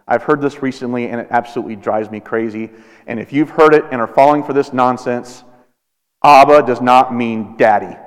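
A man in his thirties preaching a sermon as a pastor, slow and deliberate with dramatic pauses. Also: mid-range voice, clean tone. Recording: long reverb of a large hall.

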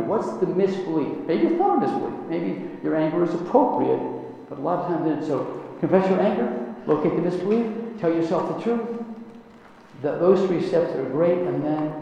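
Middle-aged male preacher, earnest sermon delivery, high voice, muffled recording in a reverberant hall. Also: gravelly, mellow, slight background noise. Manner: earnest, rising to emotional prayer. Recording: echoey hall, muffled lo-fi sound.

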